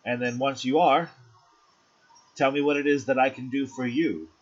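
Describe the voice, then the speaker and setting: A man voicing a flirtatious, coy woman dealer in a fantasy tabletop game, teasing and purring with a husky voice. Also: mid-range voice, fairly even intonation, moderate pace, muffled recording, voice pushed up, natural voice.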